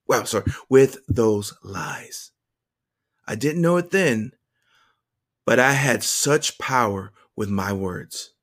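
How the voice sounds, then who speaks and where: A man reading his own journal entry aloud to viewers, earnest and emotional, with halting restarts. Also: lowish voice. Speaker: vlogger.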